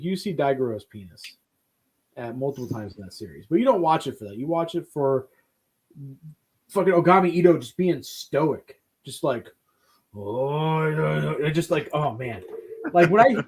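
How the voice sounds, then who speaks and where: A man's voice: fairly high pitch, husky. A man co-hosting a casual film chat, joking and swearing freely. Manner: animated, profane, joking. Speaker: podcast co-host.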